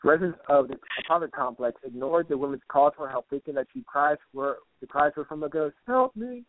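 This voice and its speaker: A man's voice: fairly high pitch, fairly even intonation, fairly quick, no echo. Profane joking man on a tinny line. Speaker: co-host. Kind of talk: casual comedic podcast chat. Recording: tinny, phone-like, dry.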